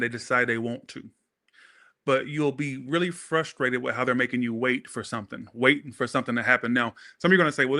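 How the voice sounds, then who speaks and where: A man's voice: medium pitch, pushed and bright. A man doing a casual tarot reading who rambles off-topic, swears freely and keeps apologizing to his viewers. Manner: rambling, profane, talks to viewers. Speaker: tarot reader.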